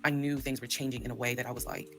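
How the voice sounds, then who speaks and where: A woman's voice: rumbling low, level tone, racing, a bit bright, soft background music. A woman telling her own story in a candid, profane way, acting out the dialogue she quotes. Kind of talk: storytime monologue.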